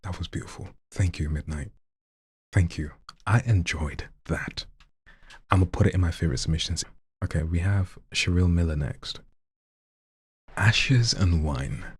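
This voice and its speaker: On a live show, a very deep-voiced man reads submitted poems low, slow, and close to a dry mic, his tone husky and breathy. He murmurs the verses almost in a whisper, then drifts into casual, slangy remarks.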